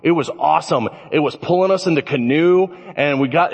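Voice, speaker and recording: Animated male preacher in a reverberant hall. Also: fairly high pitch, fairly quick, hardly any pauses. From Illinois. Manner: animated storytelling. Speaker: pastor. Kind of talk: sermon.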